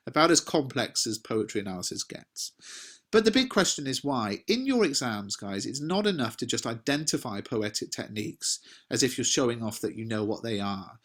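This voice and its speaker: A man teaching an exam revision lesson, talking students through a poem's meter in a relaxed, conversational way. His voice sits at an ordinary middle pitch, neither deep nor high. He explains patiently and speaks to the viewers as guys. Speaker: English teacher.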